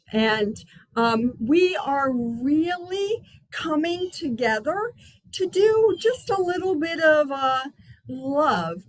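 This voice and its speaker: Slow, gentle woman hosting a healing circle. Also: sits high, poor audio. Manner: gentle, unhurried, chatty. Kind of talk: spiritual healing talk. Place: outdoor patio. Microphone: video call.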